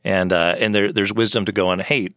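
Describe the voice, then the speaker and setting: Low-voiced, easygoing male pastor. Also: fairly even intonation, a bit bright, no room sound, studio quality. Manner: easygoing, laughing, halting restarts. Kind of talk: casual podcast chat.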